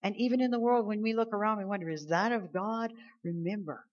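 Woman preacher with soft-to-loud sermon swings. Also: a little fast, dull audio. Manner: swings between soft, low lines and loud, stretched emphasis.

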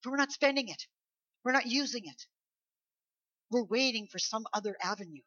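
Woman preacher, sermon; higher voice, dry close sound, emphatic and chatty with rhetorical questions. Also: expressive, normal speed, pushed and bright, no echo. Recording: dull lo-fi recording.

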